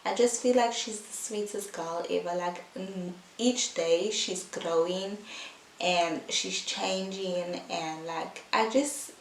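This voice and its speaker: A woman's voice: on the low side, slow pace. A young woman, a new mother, chatting in a casual, heartfelt vlog, full of "like" and "um". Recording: echoey room, mic at a distance, faint hiss.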